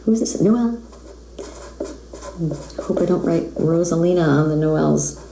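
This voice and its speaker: A woman's voice: on the low side, slow, vocal fry, warm tone, echoey room, a little hiss or hum, poor audio. A woman from the United States, a voice actress who chats casually with fans while she signs autographs. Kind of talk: casual live-stream chat.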